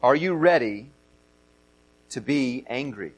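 A man's voice: medium pitch, expressive, takes it slowly, low-quality recording. A middle-aged man preaching a sermon as pastor, earnest, often repeating and stressing key phrases.

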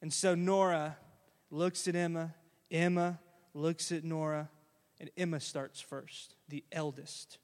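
A man's voice: on the high side, level tone, slow. A male pastor preaching a sermon in a conversational storytelling way, often putting questions to the congregation. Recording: long hall reverb.

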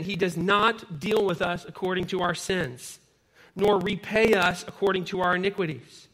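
Male pastor, thirties, high bright voice, conversational sermon with personal stories.

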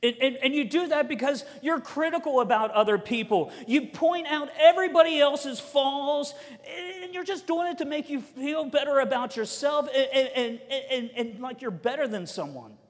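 A man preaching a sermon as a pastor, telling stories and swinging between loud emphatic lines and soft quiet ones. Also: very high-pitched, expressive, normal speed, long reverb tail.

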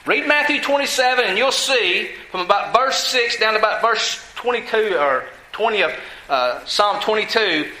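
A man's voice: sits high, pushed and bright, roomy sound, a little hiss or hum, low-quality recording. A male pastor preaching a sermon, asking the congregation questions and repeating lines for emphasis.

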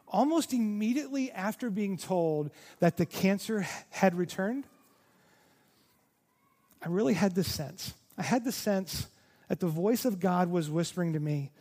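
High-voiced earnest preaching man. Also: moderate pace, darkish tone, big-room sound. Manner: earnest, repeating words when emphatic. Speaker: pastor. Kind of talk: sermon.

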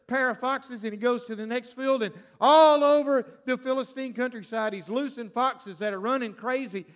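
A man with a high-pitched voice delivers a storytelling sermon. He acts out the characters and breaks into sudden shouts. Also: normal speed, clear, resonant tone. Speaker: preacher.

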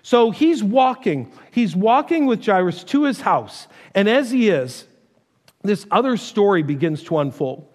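Animated male pastor in a reverberant hall. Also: high voice, a little slow. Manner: animated storytelling, acting out voices. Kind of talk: sermon.

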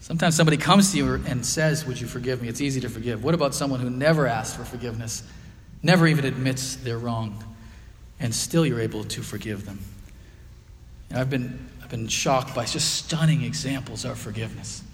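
A man's voice: mid-range voice, brisk, big-room sound. A man preaching a sermon as pastor, earnest and emphatic, with frequent fillers.

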